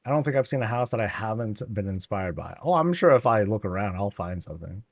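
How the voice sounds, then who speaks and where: A man's voice: fairly low pitch, expressive, fast, no room sound, clean studio sound. A man streaming a game, chatting casually and rambling with many fillers as he tours homes.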